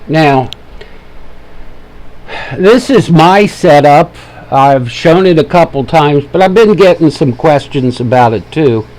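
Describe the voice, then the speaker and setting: Man, Ohio accent, trading webinar host, unhurried, easygoing, joking, casual live talk. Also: fairly high pitch, animated, a little mellow. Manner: easygoing, joking, fiddly with mic levels. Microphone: desk microphone he adjusts.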